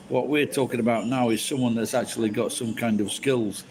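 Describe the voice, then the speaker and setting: A man's voice: mid-range voice, steady tone, a little fast, few pauses, a little mellow, poor audio. A drunk man rambling and swearing through casual chat as a live streamer, full of false starts. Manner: crude, swears a lot, rambling with restarts.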